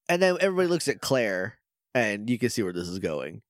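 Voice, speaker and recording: A man co-hosting a podcast in casual chat, animated and laughing. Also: a little fast, no echo, studio quality. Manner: animated, laughing, mimics characters in a low mumble. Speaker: podcast co-host.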